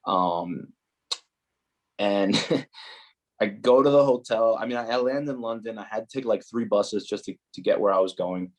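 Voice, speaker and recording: Low-voiced New man telling stories. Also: measured pace, pauses often. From New Jersey, USA. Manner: animated, heavy use of "like" and "you know". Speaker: podcast guest, footballer. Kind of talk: casual storytelling chat.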